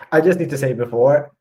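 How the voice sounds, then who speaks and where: A man in casual podcast chat, enthusiastic and effusive, with casual swearing now and then. His voice sits at a middle pitch. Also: a little mellow, low-quality recording. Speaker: podcast co-host.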